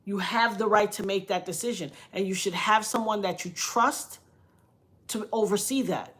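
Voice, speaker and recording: A woman's voice: medium pitch, normal speed, a bit bright. Middle-aged woman, commentary vlogger, emphatic preaching tone, mid-range voice. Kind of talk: casual commentary vlog.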